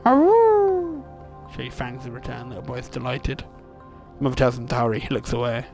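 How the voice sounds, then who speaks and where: A man's voice: medium pitch, monotone, fairly quick, vocal fry, soft background music. A man streaming a game, reading its narration aloud and making wry, casual remarks.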